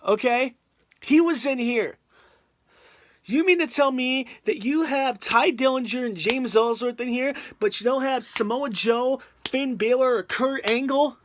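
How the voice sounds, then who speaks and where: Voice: mid-range voice, moderate pace, no echo, studio quality. A video reviewer ranting in an exasperated, emphatic way, often repeating the same point. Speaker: wrestling reviewer on a video channel.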